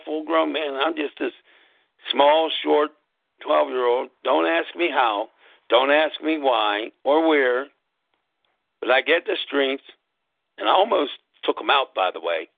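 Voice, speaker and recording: A man hosting a show, telling a personal story in a slow, deliberate way and spelling things out letter by letter. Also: on the high side, gravelly, dry recording. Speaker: podcast host. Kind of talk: casual storytelling monologue. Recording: tinny phone-like line, dry.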